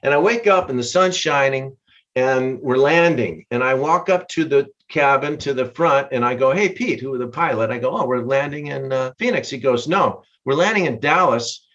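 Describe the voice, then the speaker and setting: An older man being interviewed as a guest musician, telling a story in a lively way and laughing mid-sentence. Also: mid-range voice, moderate pace. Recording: dull lo-fi sound.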